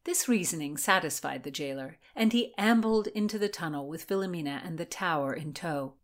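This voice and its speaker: A woman narrating a historical story in an even, measured way and explaining its background as a co-host. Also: fairly low pitch.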